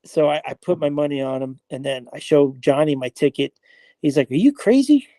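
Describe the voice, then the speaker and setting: A man being interviewed, telling an animated, casual story full of acted-out dialogue and slang. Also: mid-range voice, brisk, dry recording. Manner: animated storyteller, acts out quoted dialogue, frequent "I was like". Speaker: interview guest, horse player.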